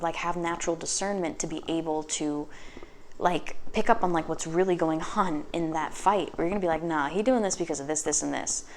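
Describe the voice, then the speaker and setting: Woman tarot reader, lowish voice, chatty and sassy, lots of swearing and quick asides; faint noise behind. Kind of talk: casual tarot reading.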